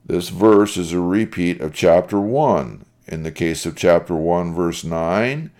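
A man's voice: deep voice, darkish tone. A man giving a methodical Bible study lecture, reading verses aloud and explaining them point by point. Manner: deliberate, methodical, reads quotes aloud. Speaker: Bible teacher.

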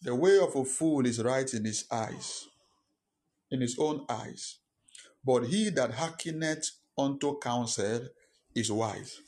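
A pastor with a medium-pitched, darkish voice preaches a sermon slowly and emphatically. He repeats key lines and fires rhetorical questions at the congregation.

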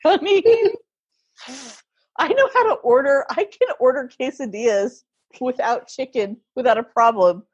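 Woman, husky voice, higher pitch, muffled recording, casual storytelling, laughs often. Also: expressive, unhurried. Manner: laughs often while telling stories. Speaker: guest.

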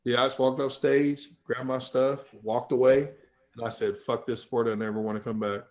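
Animated, profane male powerlifter storyteller. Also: normal speed. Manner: animated, profane, jumps loud and high when quoting himself. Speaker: powerlifter guest. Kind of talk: casual podcast storytelling.

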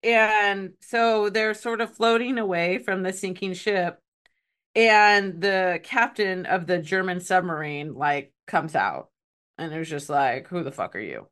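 A woman's voice: mid-range voice, fairly even intonation, unhurried, a bit bright, clean tone. A woman telling a story in a casual podcast chat. She laughs often and fills her talk with "like". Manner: chatty, laughs often, many "like" fillers.

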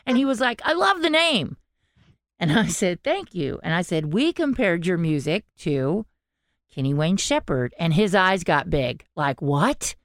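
Excitable woman telling stories. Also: fairly low pitch, unhurried, dry recording, clean studio sound. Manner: animated storytelling, acting out quotes. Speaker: podcast co-host. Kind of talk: casual podcast chat.

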